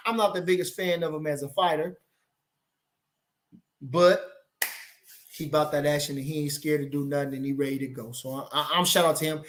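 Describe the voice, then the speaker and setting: A man hosting a casual boxing talk stream, rambling and repeating himself, with his voice dropping to mumbles and rising in sudden loud bursts. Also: sits high. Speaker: boxing trainer and channel host.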